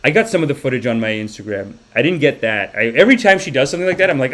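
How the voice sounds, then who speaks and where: A man's voice: mid-range voice, racing. A young man hosting a comedy podcast, telling stories animatedly and slipping into voices. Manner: animated, acts out people with voices. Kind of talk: comedic storytelling monologue.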